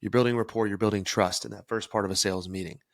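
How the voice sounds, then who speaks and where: A man's voice: lowish voice, fairly even intonation, quick pace, no room sound, studio quality. A young man hosting a solo podcast, talking energetically and emphatically about self-improvement. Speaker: podcast host.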